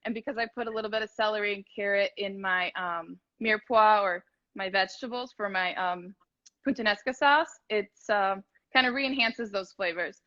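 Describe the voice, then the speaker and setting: A woman's voice: mid-range voice, moderate pace, sharp tone, lo-fi sound. A woman chatting casually as a guest cook, rambling with lots of fillers, over a video call. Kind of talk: casual cooking chat.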